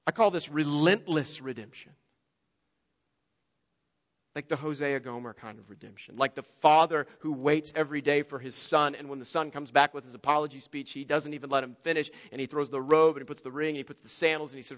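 Animated pastor preaching in a reverberant hall. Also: male voice, on the high side, a little fast, lo-fi sound. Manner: animated, swings from quiet and intimate to loud and emphatic; acts out quoted voices in story-telling. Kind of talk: sermon.

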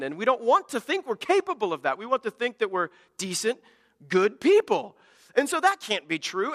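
A man preaching a sermon as a pastor, animated and swinging between loud emphatic peaks and quiet asides. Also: high-pitched. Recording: long hall reverb.

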